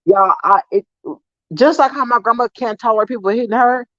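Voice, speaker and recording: A young adult woman casually telling stories to her viewers in an animated, profane, laughing way. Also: fairly quick, no room sound. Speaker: vlogger. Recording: dull, dry low-fi sound.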